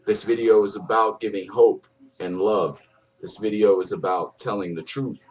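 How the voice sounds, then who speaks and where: A man's voice: fairly low pitch, fairly even intonation, moderate pace, darkish tone, husky, low-quality recording. A middle-aged man giving an earnest personal testimony, emotional and pleading, often repeating himself. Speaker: convert sharing his testimony.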